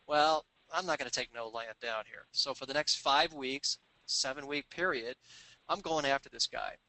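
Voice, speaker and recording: Lively storytelling man, bright voice. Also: medium pitch, normal speed, no room sound, rough recording. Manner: animated anecdotes, acting out quoted voices. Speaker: sales trainer telling a story. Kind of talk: storytelling business talk.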